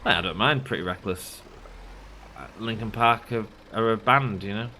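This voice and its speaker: A man's voice: fairly low pitch, normal speed, sharp tone, slight background noise. A man in his thirties, a gaming channel host, rambling through chatty anecdotes while playing, slightly sick. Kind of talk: casual let's play commentary.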